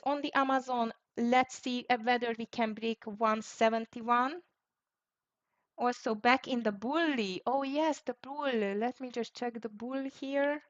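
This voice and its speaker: Slightly high and gravelly, the woman's voice narrates her live day trades on a stream with dull, lo-fi sound. She keeps up a running commentary peppered with fillers and let-down sighs.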